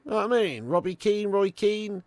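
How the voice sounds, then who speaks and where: A man's voice: sits high, expressive, moderate pace, a little mellow, dry recording. A man, hosting a football watch-along live stream. He is sweary and full of banter, and he talks straight to his viewers. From Birmingham area, England.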